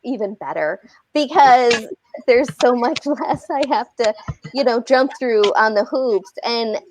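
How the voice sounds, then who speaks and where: A woman's voice: a little high, slow pace, noisy background. A woman filmmaker in casual chat, emphatic and wry, laughing between points on a video call.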